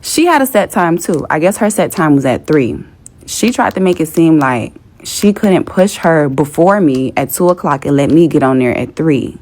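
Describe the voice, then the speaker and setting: Woman, low voice, young adult, casual storytime rant, cursing, exasperated. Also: expressive, moderate pace, darkish tone. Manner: profane, exasperated. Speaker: influencer telling a story.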